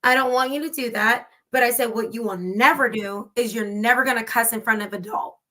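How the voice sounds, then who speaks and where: Woman, co-host, bright forceful voice, lively storyteller, casual chat. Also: fairly high pitch, a little fast. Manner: animated storyteller, acts out dialogue.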